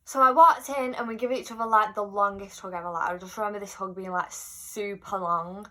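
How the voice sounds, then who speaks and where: Speaking a little fast in a mid-range voice, a young woman retells something that happened to her in a casual vlog, doing the voices of the people involved.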